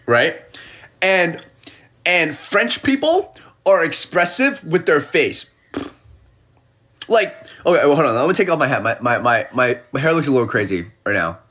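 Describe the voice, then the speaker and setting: A man chatting casually on a phone live stream as an animated storyteller who acts out the people he quotes. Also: fairly high pitch, moderate pace. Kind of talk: casual livestream chat.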